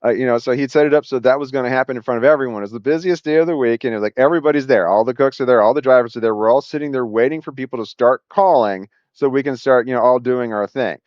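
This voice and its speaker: A man telling a personal story at a quick clip, with many restarts and acted-out quotes. His voice sits in a middle register. The recording is dry and a little dull, like a lo-fi room mic. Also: medium pitch, dry recording. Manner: rambling, animated retelling with acted quotes and frequent restarts. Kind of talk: casual spoken anecdote.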